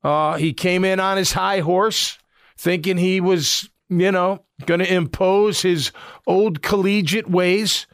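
A man's voice: high voice, fairly even intonation, takes it slowly, fairly bright tone, no echo, clean studio sound. A middle-aged man, a former football player, giving casual sports commentary in a blunt, rambling way with lots of fillers.

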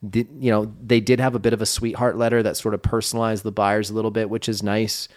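Low-voiced man coaching with emphasis. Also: little pitch movement, fast talker, darkish tone. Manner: emphatic, acts out sample dialogue. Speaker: podcast co-host, real estate coach. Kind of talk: casual coaching chat.

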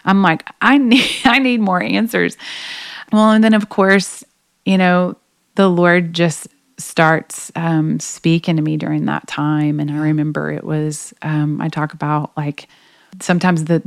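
A singer appearing as a guest on a faith podcast tells a personal story earnestly and emotionally, using plenty of fillers. Her low, smooth voice is flat and measured in pace, recorded close to the mic in a dry room with no echo.

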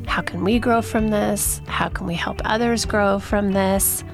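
Woman, podcast host, earnest, rhetorical questions, middle pitch, music clearly behind her. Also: steady tone, a little slow. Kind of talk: podcast interview, scripted intro.

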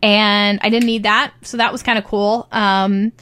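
A young woman tells her birth story in a loose, conversational way. She fills her talk with ums and likes and slips into quoted voices as she goes. Her pitch sits in the middle. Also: little pitch movement, unhurried, a bit bright, clean tone. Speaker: new mother telling her birth story. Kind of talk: casual personal storytelling.

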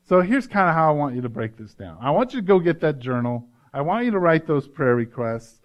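A man's voice: a little high, big pitch swings, brisk, highs cut off. A male pastor giving an earnest, conversational sermon, often adding "right?" to his points.

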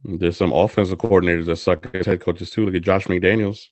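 A man in casual podcast banter, making quick, joking points. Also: deep voice, steady tone, a little mellow, no echo. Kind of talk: casual chat.

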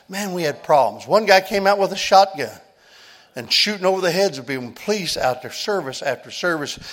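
An older man, a pastor telling a story in a sermon that builds into loud preaching and an altar call. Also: high voice.

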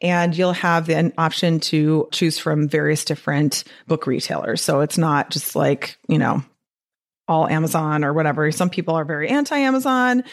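Upbeat midwest lady w a wisconsin accent, kinda low voice, chatting on her podcast and laughing a lot. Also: moderate pace. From American Midwest. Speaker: podcast host. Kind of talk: casual solo podcast talk.

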